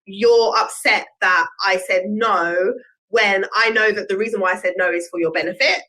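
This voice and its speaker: A woman's voice: mid-range voice, steady tone, moderate pace, pushed and bright, poor audio. A woman, hosting a solo podcast in an earnest, reflective way with personal examples. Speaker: podcast host.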